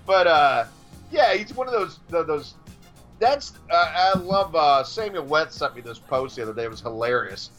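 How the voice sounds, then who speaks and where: A man's voice: fairly high pitch, animated, unhurried, a bit bright, soft background music. A man hosting a casual podcast, ranting and mocking someone in a stream of profanity. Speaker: podcast host.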